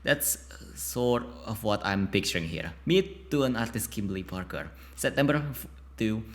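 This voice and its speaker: A man's voice: fairly low pitch, animated, moderate pace. A man reading a narrative game's text aloud, often stumbling over words and breaking off into chatty asides to himself. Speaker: YouTuber playing a narrative game.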